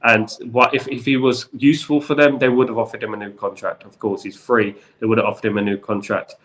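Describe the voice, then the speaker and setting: A man's voice: on the low side, little pitch movement, a little fast, a bit bright. A man with a London accent hosting a football channel, chatting with viewers on a live stream in a repetitive, conversational way. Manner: repetitive, chatty, keeps saying "in regards to".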